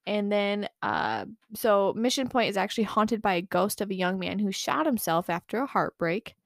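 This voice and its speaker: A woman's voice: mid-range voice, normal speed, gravelly, no room sound. Young woman podcast co-host from Michigan, casual and giggly, swears freely, close dry mic. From Michigan, USA. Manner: laughs often, swears casually. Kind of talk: casual podcast chat reading ghost stories.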